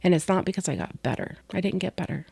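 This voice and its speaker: A woman's voice: fairly low pitch, quick pace, vocal fry, breathy edge, no room sound. A middle-aged woman co-hosting a podcast, candidly telling a personal story and sometimes dropping to a whisper. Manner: candid, soft-spoken, drops to whispers on painful moments. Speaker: podcast co-host.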